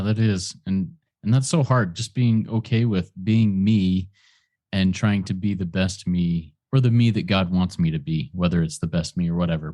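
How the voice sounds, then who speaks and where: Deep-voiced man hosting a meeting. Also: a little mellow. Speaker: meeting host. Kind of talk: reading out audience questions.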